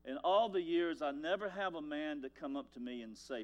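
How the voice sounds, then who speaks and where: An older man preaching a sermon as pastor, telling folksy stories and swinging from loud lines to hushed ones. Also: on the high side, animated, normal speed, dull audio.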